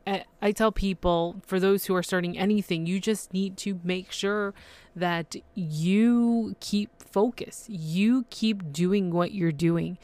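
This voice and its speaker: A woman's voice: medium pitch, a little mellow. A woman hosting her own podcast and talking solo, effusive and overwhelmed, with many fillers and restarts. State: emotional and overwhelmed. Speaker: podcast host.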